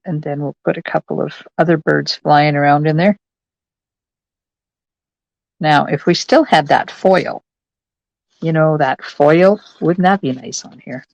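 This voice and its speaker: Chatty Canadian woman with a gravelly voice. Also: low voice, darkish tone, no echo, muffled recording. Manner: chatty, talks through each step while working. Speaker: crafting channel host. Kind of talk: casual crafting tutorial narration.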